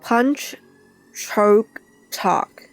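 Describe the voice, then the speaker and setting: A woman giving casual let's-play commentary, thinking aloud in an unhurried, chatty way. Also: fairly high pitch, soft background music. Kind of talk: casual game playthrough commentary.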